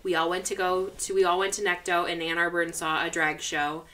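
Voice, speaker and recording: A woman's voice: fairly low pitch, fairly even intonation, a little fast, pushed and bright. A young woman co-hosting a podcast, telling a story in casual chat with many restarts and fillers. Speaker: podcast co-host.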